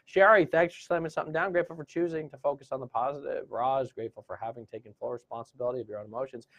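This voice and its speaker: A man's voice: mid-range voice, fairly even intonation, rapid-fire, a bit bright. A man hosting a live gratitude session, encouraging viewers and reading out their comments. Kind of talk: live-stream motivational talk.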